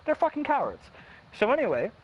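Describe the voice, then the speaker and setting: Young male storyteller, high lively voice, blunt and profane, dull lo-fi mic with faint hiss. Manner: blunt, heavy swearing, quick quoted voices, restarts. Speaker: streamer telling a personal story. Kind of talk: casual storytelling.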